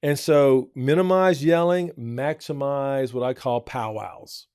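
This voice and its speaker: A man's voice: mid-range voice, fairly even intonation, slow, a little mellow, clean tone, no room sound, studio quality. A man on a church program giving earnest parenting advice, often repeating his points for emphasis. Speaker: church family counselor. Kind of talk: advice talk.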